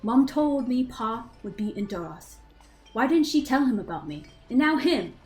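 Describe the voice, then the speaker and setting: A woman's voice: mid-range voice, moderate pace, darkish tone, soft background music, close to an everyday voice, poor audio. A woman voicing a bitter, resentful young man with a British accent, reading his diary aloud and swearing. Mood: angry.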